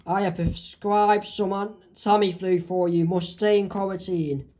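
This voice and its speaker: A man voicing a calm male cartoon doctor in a fan comic reading, firm and reassuring. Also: high-pitched, unhurried.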